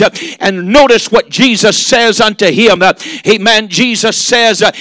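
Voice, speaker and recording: A man preaching a sermon, emphatic, drawing out and shouting key lines, with many "uh"s and "amen"s. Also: sits high, a little slow, no echo. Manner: emphatic, punctuated with frequent "uh" and "amen".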